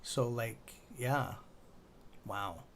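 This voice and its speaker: A man's voice: mid-range voice, drawn-out words, fairly bright tone, a little hiss or hum. A man hosting a casual live stock-trading stream, rambling and chatty with a sore throat, swearing now and then.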